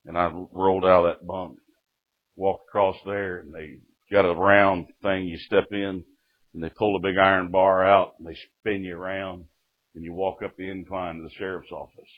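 A man's voice: low-pitched, flat delivery, moderate pace. Folksy preacher man. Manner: folksy storytelling with acted-out quotes and sudden jumps in loudness. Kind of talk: testimony sermon. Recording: dull lo-fi recording.

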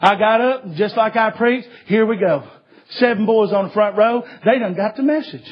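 A man's voice: high voice, moderate pace, slightly rough. A male preacher, telling a story in a sermon in a folksy way and starting many lines with 'uh'. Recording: dull lo-fi recording.

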